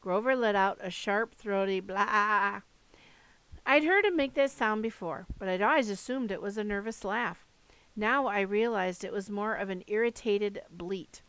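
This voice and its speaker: A woman narrating a first-person audiobook with steady storytelling. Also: mid-range voice, moderate pace, clean tone, no echo.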